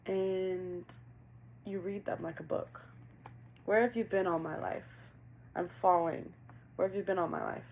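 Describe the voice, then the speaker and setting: Chatty gravelly-voiced woman reading tarot. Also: lowish voice, fairly even intonation, measured pace, long pauses, a little mellow, slight background noise, poor audio. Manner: chatty, laughs often, asks cards questions aloud. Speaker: tarot reader.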